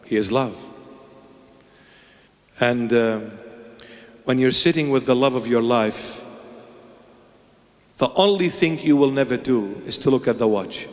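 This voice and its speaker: Theatrical preacher with long echo. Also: male voice, mid-range voice, unhurried, pauses often. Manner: theatrical, emphatic. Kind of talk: sermon. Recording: long echoing reverb.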